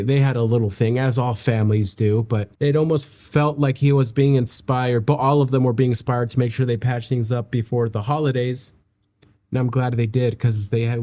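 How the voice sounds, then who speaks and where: A man hosting a music reaction, talking in a reflective, halting and heartfelt way, emotional and near tears. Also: medium pitch, warm tone. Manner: halting and heartfelt, with many restarts. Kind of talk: reflective casual reaction commentary.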